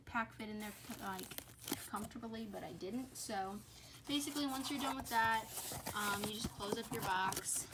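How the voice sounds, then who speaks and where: A woman's voice: mid-range voice, very noisy. A woman giving a casual how-to at home, rambling with frequent "um"s and self-corrections, filming on a phone camera. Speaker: reptile keeper vlogger. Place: her home, indoors.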